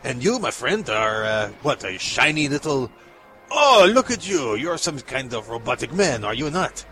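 A man's voice: mid-range voice, lively intonation, moderate pace, bright, forceful tone, faint music behind. A man voicing an arrogant, snotty French villager in a snooty, theatrical way for improv comedy.

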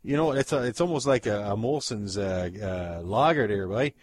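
A man's voice: medium pitch, expressive, normal speed, dry recording, natural voice. A man voicing a dim, apologetic alien who talks like a laid-back Canadian, rambling through "like" and "eh".

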